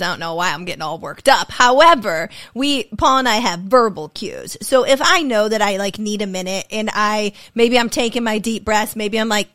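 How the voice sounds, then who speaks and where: A woman's voice: mid-range voice, dry recording. Candid woman co-host, dry sound. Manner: candid, laughing, relaxed anecdotes. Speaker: podcast co-host. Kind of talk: casual chat.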